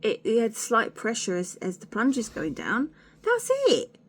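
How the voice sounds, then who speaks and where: A woman's voice: fairly high pitch, expressive, moderate pace, husky. A woman, chatting candidly to camera in a rambling, sweary, self-deprecating way. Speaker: vlogger. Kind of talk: candid casual chat to camera.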